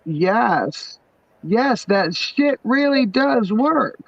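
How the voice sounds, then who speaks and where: Very slow and expressive, a middle-aged woman with a New York accent speaks in a slightly high voice while hosting a livestream. Her casual chat with family is blunt, full of laughter and swearing, and the dry recording sounds dull and muffled.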